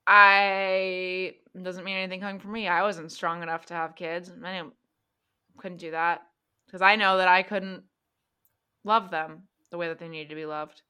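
A woman voices a weary woman monster hunter in a tabletop game, full of old regrets. She talks in halting, hesitant starts, and her voice has a bright, tense edge. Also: lowish voice, flat delivery, clear, resonant tone. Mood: earnest.

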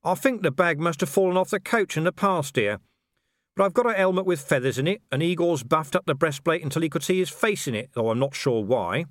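A man's voice: a little high, expressive, a little fast, fairly bright tone, no echo, voice pushed up. A man voicing a wry, evasive middle-aged male watch commander with a dry way of talking. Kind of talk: audiobook character voice.

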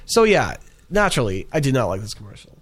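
A man's voice: medium pitch, sing-song, quick pace. Rambling young man in casual chat. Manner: chatty, rambling, many fillers. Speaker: co-host reviewing ads.

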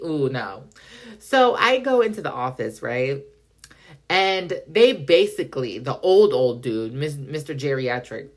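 Young woman on her podcast, cussing a lot, kinda low voice, slangy storytime rant. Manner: profane, animated, dramatic retelling; heavy slang, filler 'like'. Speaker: podcast host.

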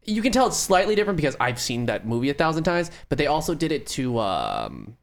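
A man co-hosting a casual podcast chat, animated, swearing freely and acting out what others said. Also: fairly high pitch, brisk, gravelly.

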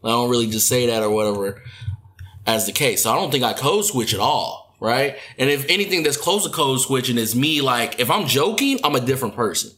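Bright-voiced man in casual chat. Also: medium pitch, brisk. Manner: animated, jumps into exaggerated impressions. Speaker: podcast co-host.

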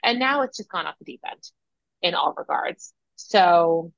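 A young woman co-hosting a podcast, talking casually and thinking out loud with lots of fillers. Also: fairly low pitch, expressive, a little slow, creaky, no room sound, muffled recording. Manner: talkative, thinks aloud with many fillers. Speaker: podcast co-host. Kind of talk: casual chat.

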